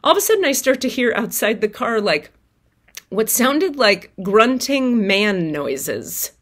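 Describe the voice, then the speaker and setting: A woman telling viewers a personal story in a casual, animated way, swearing freely and acting out her own outbursts. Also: on the high side, unhurried. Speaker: tarot reader and spiritual vlogger.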